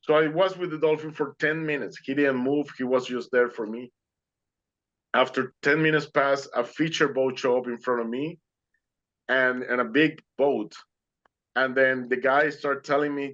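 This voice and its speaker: A man's voice: mid-range voice, steady tone, normal speed, a bit bright. A man giving a heartfelt personal storytelling talk, earnest and emotional, with simple phrasing. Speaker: guest speaker sharing his near-death story. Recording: slightly dull lo-fi recording.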